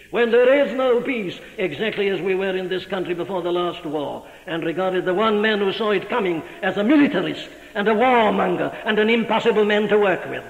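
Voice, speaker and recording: Man preaching in a booming old hall recording. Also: gravelly. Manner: emphatic, rhetorical questions to the listener. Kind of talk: sermon. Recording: dull old recording, long hall reverb.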